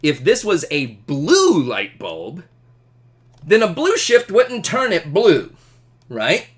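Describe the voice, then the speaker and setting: Lively, jokey male teacher. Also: a little high, takes it slowly. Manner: animated, jokey, asks the class questions. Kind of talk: classroom lecture.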